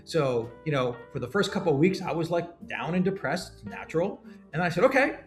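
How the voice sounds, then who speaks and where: Middle-aged man from Canada, startup founder guest, lively storyteller, slightly higher voice, soft music underneath. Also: normal speed. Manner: animated, repeats and restarts words. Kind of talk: storytelling interview talk.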